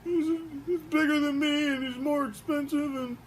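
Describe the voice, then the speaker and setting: A man's voice: very high voice, fairly even intonation, normal speed, a little hiss or hum, pitched above the performer's own voice, rough recording. A man putting on the voice of a jealous, pouting male action figure toy, whiny and sulky. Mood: jealous whining.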